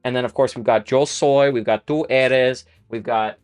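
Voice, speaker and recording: Smooth-voiced man teaching Spanish live. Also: mid-range voice, fairly even intonation, normal speed, few pauses, soft background music. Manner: casual, thinking aloud with fillers and restarts while writing on a board. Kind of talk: live-streamed language lesson.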